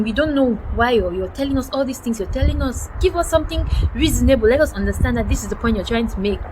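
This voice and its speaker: A young woman from Cameroon animatedly retelling a personal story, acting out quoted dialogue with frequent exclamations. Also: medium pitch. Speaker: vlogger. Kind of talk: storytelling vlog. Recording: noticeable background noise.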